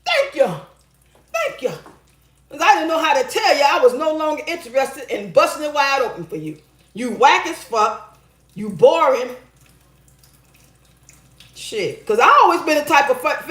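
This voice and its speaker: A woman's voice: sits high, fairly bright tone. A middle-aged woman hosting a casual advice show, reading viewer comments and telling stories bluntly and profanely, often laughing. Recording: roomy echo.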